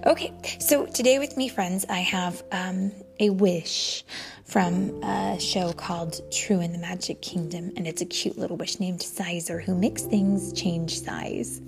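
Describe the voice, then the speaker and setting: A young mother reading a bedtime story to her child in a sing-song way, dropping into soft whispers. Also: fairly low pitch, unhurried, creaky, over music.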